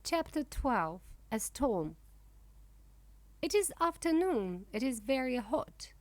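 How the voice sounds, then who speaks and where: Slow, expressive woman reading a storybook. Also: fairly high pitch, dry recording. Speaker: audiobook narrator. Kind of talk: reading a children's book for English learners.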